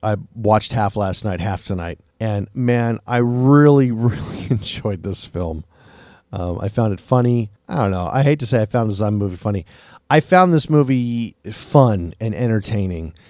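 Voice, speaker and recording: A man's voice: fairly low pitch, moderate pace, no room sound, studio quality. A man hosting a podcast, casually recapping and reviewing a movie, acting out the characters' lines as he tells the plot. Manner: animated retelling, acting out quotes.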